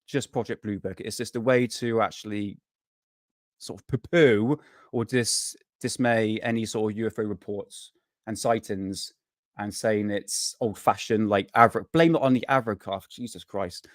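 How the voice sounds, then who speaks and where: A man's voice: lowish voice, moderate pace, dry recording, clean studio sound. A man hosting a casual live stream, rambling and swearing freely, worn out and burnt out, chatting to viewers. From United Kingdom.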